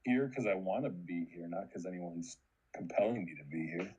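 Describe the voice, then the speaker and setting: A man chatting casually in a laid-back, musing way, with a husky voice. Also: sits low, normal speed, a little mellow, highs cut off. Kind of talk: casual group chat.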